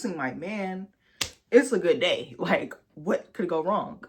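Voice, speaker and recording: A woman's voice: expressive, a little slow. Young woman telling a raw, profane story. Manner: candid, profane storytelling that addresses viewers directly; bursts into loud, high outbursts when outraged. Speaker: vlogger. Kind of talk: storytime vlog.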